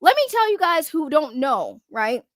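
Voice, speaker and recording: High-voiced woman in a heated profane rant. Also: big pitch swings, no echo. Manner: profane, heated, mocking, swings loud and fast. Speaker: drama commentary YouTuber.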